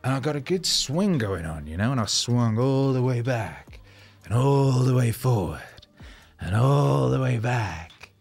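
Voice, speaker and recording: A man's voice: medium pitch, sing-song, measured pace, creaky, a little mellow, husky, soft background music. A man, a rapper, telling rambling, self-mocking stories in a casual monologue, loose with fillers and swearing.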